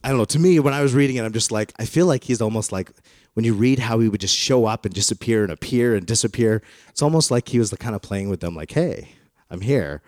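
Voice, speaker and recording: A man's voice: fairly low pitch, fast, darkish tone, dry recording, clean studio sound. A man preaching a sermon in a playful, joking storytelling way, acting out the quotes he reads. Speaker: pastor.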